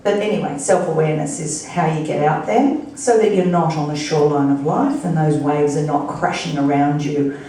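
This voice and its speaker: A woman's voice: low voice, fairly even intonation, moderate pace, warm tone, a little hiss or hum. Brief: woman motivational speaker, chatty and playful, picked up from a distance in a very echoey function room. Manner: chatty, playful, rhetorical questions to the crowd. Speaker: guest speaker at a fundraising breakfast. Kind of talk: motivational speech to an audience. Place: large function room with an audience.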